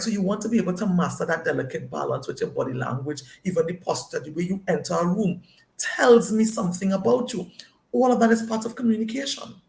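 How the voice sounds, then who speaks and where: A woman's voice: mid-range voice, creaky, a little mellow, reverberant. A woman teaching a leadership lesson, emphatic and often checking in with her listeners. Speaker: leadership coach.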